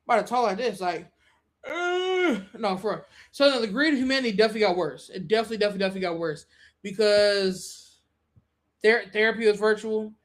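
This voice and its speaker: A woman hosts a live-stream podcast at a quick pace, talking casually in slangy, profane language. She often swings into high-pitched, animated rants.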